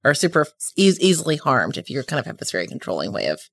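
A woman's voice: extremely low pitch, big pitch swings, fast talker, vocal fry. A woman in her forties co-hosting a casual chat, talking loosely with many fillers and laughing easily. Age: 40s.

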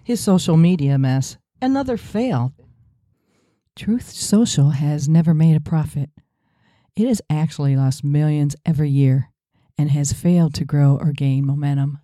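A woman's voice: deep voice, a little slow, warm tone, no room sound, clean studio sound. A woman co-hosting a podcast, talking in a sarcastic, mocking way. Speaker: podcast co-host. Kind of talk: opinionated podcast chat.

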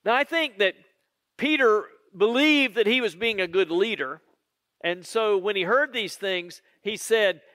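A man preaching a sermon in an earnest, conversational way, with drawn-out pauses. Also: high-pitched, pushed and bright, dry recording, studio quality.

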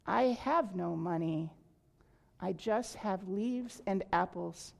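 A woman voicing a gentle giving apple tree. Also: medium pitch, creaky. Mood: kind. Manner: tender, slow storybook voice.

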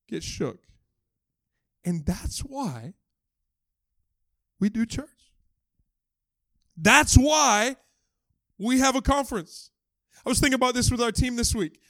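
A man's voice: high voice, dry recording. A male pastor preaching a casual, joking sermon, acting out voices as he tells stories. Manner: animated, joking, acts out quoted voices. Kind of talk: conversational sermon.

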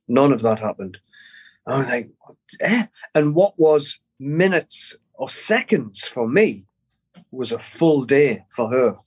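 A middle-aged man, a guest in an interview, telling a personal story in a halting way, repeating words and swearing casually. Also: mid-range voice, animated, husky. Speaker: guest musician.

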